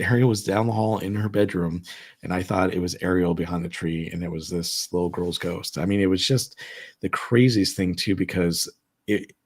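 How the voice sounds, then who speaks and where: A man's voice: deep voice, husky. A man at home telling his own ghost stories in a casual, rambling way, with many fillers and restarts. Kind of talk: casual storytelling chat. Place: his own home, seated at dining table.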